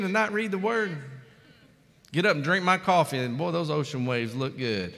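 Fervent high-voiced preacher. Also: male voice, normal speed, vocal fry. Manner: fervent preaching, swings loud and soft, calls out to the congregation. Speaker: pastor. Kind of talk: sermon. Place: church hall. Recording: echoey church hall.

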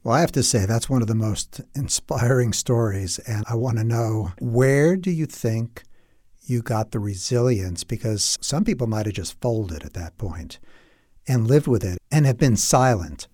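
Man hosting, mellow dry voice. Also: mid-range voice, animated, unhurried, dry recording. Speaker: podcast host. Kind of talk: podcast interview.

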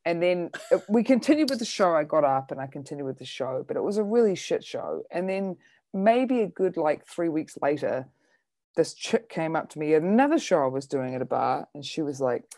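A woman's voice: low voice, big pitch swings, brisk, mellow, dry recording, clean studio sound. A woman comedian chatting casually, telling a rambling story about a show she hosted. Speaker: comedian and bingo host. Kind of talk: casual chat.

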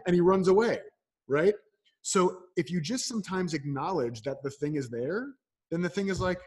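The speaker, a coach and podcast guest, has a high-pitched, slightly rough voice and a moderate pace. In a casual interview he answers questions with animated storytelling, acting out voices in short exchanges.

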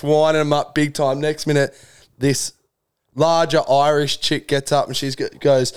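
A man's voice: fairly high pitch, flat delivery, measured pace, clean tone. A young Australian man co-hosting a podcast, telling a rowdy story in casual chat with laughs and swearing. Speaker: podcast co-host.

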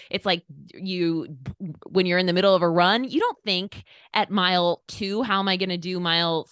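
A woman in her thirties, a podcast guest talking candidly, blunt and animated, swearing casually. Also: lowish voice, moderate pace, clean tone, dry recording, studio quality. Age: 30s. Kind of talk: candid conversation.

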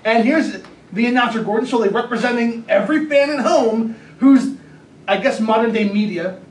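A man with a very high voice who tells stories in an amused way, laughing as he talks. He is recorded from a distance in an echoey room with faint hiss. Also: moderate pace. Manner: amused storyteller, laughs often. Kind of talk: casual chat. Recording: echoey room, far from mic, faint noise.

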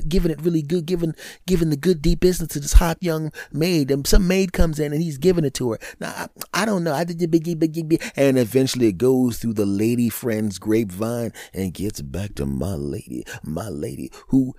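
A man hosting a podcast, telling a comedic story in a lively, repetitive way that breaks into silly sung sound effects. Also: medium pitch, a little fast, few pauses, no echo, studio quality. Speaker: podcast host.

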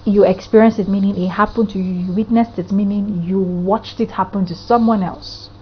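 A woman's voice: medium pitch, steady tone, normal speed, lo-fi sound, a little hiss or hum. A woman therapist from Africa speaking earnestly in a podcast monologue, piling up rhetorical questions.

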